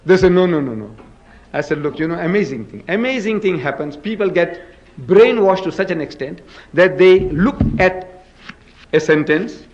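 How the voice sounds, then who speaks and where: A man's voice: high-pitched, expressive, normal speed. A man giving a public lecture, arguing emphatically and firing rhetorical questions at his audience. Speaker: public lecturer in religious debate. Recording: dull lo-fi lecture recording.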